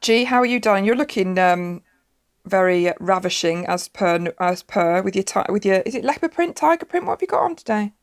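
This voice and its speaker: A woman's voice: medium pitch, animated, a little fast. A woman with a Yorkshire accent, co-hosting a casual podcast, teasing her friends and often laughing. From England. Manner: teasing, giggly. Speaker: podcast co-host. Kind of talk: casual chat.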